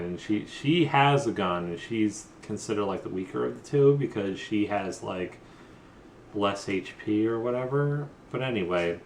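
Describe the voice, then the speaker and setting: A man who has been drinking retells a video game's plot in a loose, rambling, profane way, slipping into quick mock voices for the characters. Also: fairly low pitch, fairly bright tone, a little hiss or hum. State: tipsy from drinking. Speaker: comedy vlogger retelling a game plot. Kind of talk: loose comedic plot recap. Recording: echoey room with faint background ambience.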